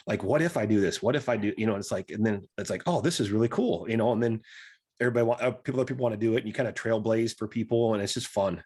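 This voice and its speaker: A man in his forties from South Dakota, talking as a podcast guest. He rattles through his stories at a quick clip and breaks into chuckles between them. His voice has a husky edge. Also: lowish voice, a little mellow. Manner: rambling, chuckles between anecdotes. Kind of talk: casual storytelling interview.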